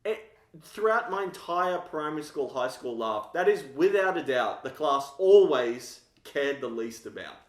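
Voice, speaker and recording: A man's voice: fairly high pitch, very animated, measured pace, echoey room. A man co-hosting a film podcast, bluntly criticizing with a laugh in his voice. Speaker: podcast co-host. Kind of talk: casual film chat.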